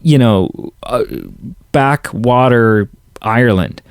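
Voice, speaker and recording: A man's voice: medium pitch, slow pace, clean tone, no echo, clean studio sound. A man co-hosting a movie podcast, chatting casually with lots of restarts and fillers. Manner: rambling, many restarts and fillers. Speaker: podcast co-host. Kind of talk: casual chat.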